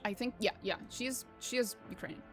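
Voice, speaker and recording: A woman's voice: on the high side, fast talker, soft background music. A young woman streaming a game, chatting casually with her viewers, swearing and laughing often. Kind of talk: casual chat while gaming.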